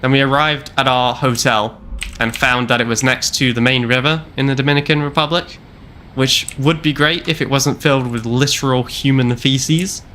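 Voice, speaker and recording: A man's voice: medium pitch, steady tone, moderate pace, pushed and bright, slight background noise. A young man streaming a game, casually telling a long rambling travel story with wry repeats. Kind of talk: casual storytelling while gaming.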